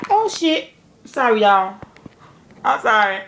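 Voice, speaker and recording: A woman telling a story candidly to camera, animated and profane, speaking straight to her viewers. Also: a little high, unhurried, echoey room, a little hiss or hum. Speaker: nail technician vlogger.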